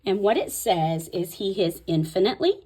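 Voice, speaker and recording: Fast-talking woman thinking aloud. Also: mid-range voice, very animated, slightly rough. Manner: thinks aloud while writing, repeats words softly; fast talker. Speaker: host. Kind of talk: casual craft tutorial.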